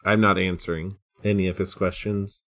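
A man playing a tabletop game, deadpan and stubborn. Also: low-pitched, moderate pace. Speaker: player.

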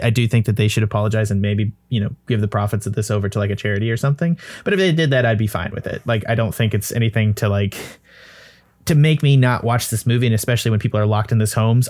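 A man's voice: on the low side, a little mellow. A young man hosting a podcast, reviewing a film in casual, rambling talk with lots of swearing and laughter. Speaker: podcast host.

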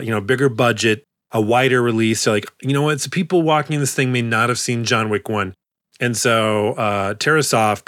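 A man's voice: mid-range voice, a bit bright, no echo, studio quality. A young man co-hosting a podcast in casual chat, rambling, correcting himself and laughing often. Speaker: podcast co-host.

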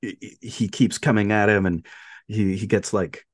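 A man's voice: fairly low pitch, fairly even intonation, a little slow, slightly rough, dry recording, clean studio sound. A man co-hosting a podcast, retelling a film plot in casual chat and acting out quotes in a raised voice. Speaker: podcast co-host.

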